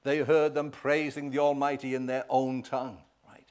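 A male preacher delivers an emphatic sermon at a middling pitch. He swells loud on key words and keeps checking in with his listeners with a quick "right?". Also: little pitch movement, smooth.

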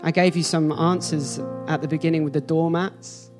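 A man preaching in a church with an earnest, building delivery, repeating phrases for emphasis. His voice sits somewhat high for a man. Soft music plays faintly under him. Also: steady tone, moderate pace. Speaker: pastor. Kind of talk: sermon.

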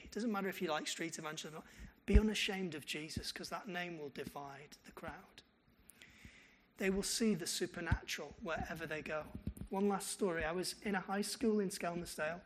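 High-voiced male pastor preaching. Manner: animated storytelling with quoted dialogue. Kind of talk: sermon.

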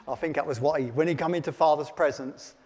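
A man's voice: on the high side, fairly even intonation, moderate pace, a little mellow. A man preaching a sermon, reading Bible verses aloud and then explaining them in plain, chatty words. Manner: reads scripture aloud then comments in plain chat. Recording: long hall reverb.

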